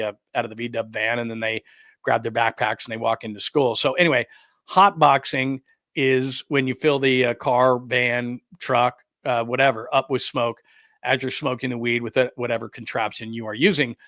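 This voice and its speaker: A middle-aged man hosting a podcast, ranting in a rambling, exasperated way with lively asides. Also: mid-range voice, no room sound, studio quality. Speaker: podcast host. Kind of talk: casual ranting commentary.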